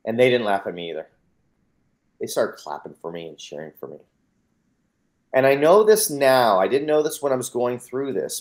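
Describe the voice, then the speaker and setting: An American man from the United States, a mindset coach, tells his personal story as an interview guest. His mid-range voice is a little mellow, and he speaks earnestly and emphatically, acting out dialogue and often repeating words as he begins.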